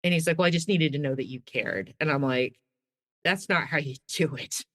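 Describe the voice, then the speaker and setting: A woman's voice: low voice, moderate pace. A woman guest telling a personal story in a casual way, acting out the quoted dialogue as she goes. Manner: animated, acts out quoted dialogue. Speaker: guest sharing her story.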